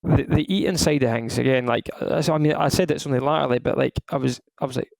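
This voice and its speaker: A Scottish man in his thirties, a retired footballer, chats casually on a podcast, rambling through relaxed stories and restarting often. His medium-pitched voice moves fast with vocal fry, and the dry recording is low quality.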